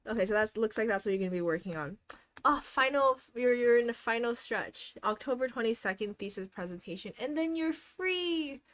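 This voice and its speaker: A woman's voice: mid-range voice, a little fast. Young woman host, casual livestream chat, cheery encouraging tone, lots of little laughs. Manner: upbeat and encouraging, reads out viewers' goals; giggles often between remarks. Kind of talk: casual live-stream chat.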